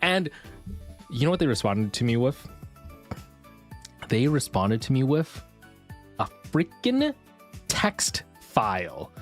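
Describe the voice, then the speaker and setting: A streamer in a casual chat stream, telling stories in an animated, ranting way. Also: medium pitch.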